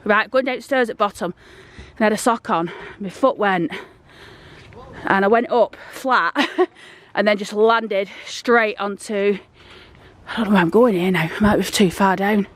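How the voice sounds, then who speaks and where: A woman's voice: medium pitch, measured pace. A woman, chatting in a rambling, down-to-earth way and out of breath as she walks outdoors with a handheld phone. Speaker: vlogger. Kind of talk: casual walk-and-talk vlog. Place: outdoors, walking through town.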